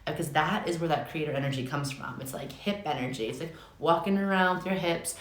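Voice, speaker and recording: A young adult woman giving a casual live tarot reading, chatty and excitable, swearing often. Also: sits low, fairly quick. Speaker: tarot reader. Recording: echoey room with faint noise.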